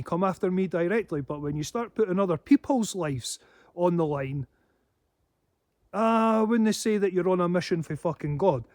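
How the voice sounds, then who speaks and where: A man's voice: a little high, darkish tone, no echo, studio quality. Swearing man, rambling. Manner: heavy swearing, laughing to himself. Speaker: paranormal channel host. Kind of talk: casual rambling monologue.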